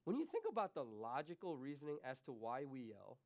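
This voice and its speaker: A man preaching a sermon as pastor, swinging between quiet, confessional remarks and raised, emphatic questions to the congregation. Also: medium pitch, very animated, fairly quick. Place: church.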